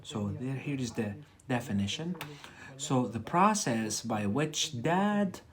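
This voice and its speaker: A man teaches a live lesson at an unhurried pace. He repeats words over and over and checks in with a quick "yeah?", coaching like a patient tutor. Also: mid-range voice, expressive, fairly bright tone. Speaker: English teacher. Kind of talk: livestreamed English lesson.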